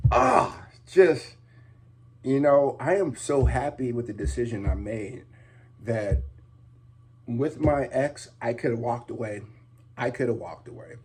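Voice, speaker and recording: Fervent middle-aged man, noisy recording. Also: medium pitch. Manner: fervent and pleading, loud exhortations easing into soft, near-whispered asides. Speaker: vlogger speaking to fathers. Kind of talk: passionate motivational talk to camera.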